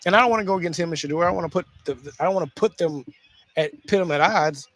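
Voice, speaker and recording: Male sports talk host, slightly high voice, animated solo commentary with restarts, dry close recording. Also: rapid-fire, dry recording. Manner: animated, repeats himself, frequent restarts and fillers.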